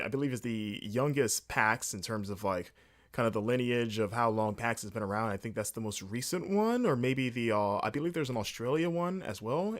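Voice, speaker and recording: A man hosting a solo podcast, rambling casually in a jokey, animated way late at night. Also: mid-range voice. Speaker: podcast host.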